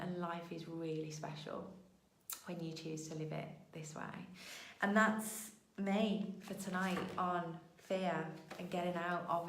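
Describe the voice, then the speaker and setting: A woman's voice: lowish voice, creaky, echoey room, poor audio. A woman hosting a weekly show, telling a heartfelt motivational story in an earnest way and sometimes getting tearful. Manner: emotional, voice breaking into tears at times; earnest, storytelling with acted-out quotes.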